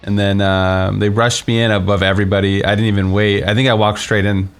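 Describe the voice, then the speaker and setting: Young male game streamer, lowish voice, loose rambling delivery, faint game music behind. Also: flat delivery, fairly quick, clean tone. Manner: rambling, many fillers and restarts. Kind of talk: casual storytelling while playing.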